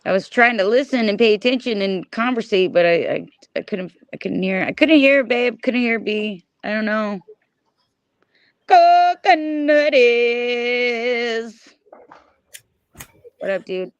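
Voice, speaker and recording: A woman's voice: medium pitch, normal speed, hardly any pauses, no echo. A woman hosting a livestream, chatting casually and greeting viewers by name. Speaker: livestream host. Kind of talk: casual group voice chat.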